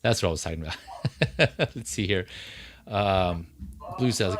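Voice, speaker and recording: A man's voice: on the low side, normal speed. A man hosting a casual livestream about collectible figures, chatting loosely with fillers and restarts. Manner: relaxed, rambling, many fillers and restarts. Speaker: livestream host.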